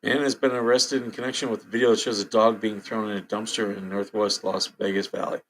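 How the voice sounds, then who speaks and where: A hiccuping livestream host speaks a little fast with few pauses, his fairly low voice steady and a bit bright. He's chatty, reading headlines aloud, responding to chat and news, and laughing frequently.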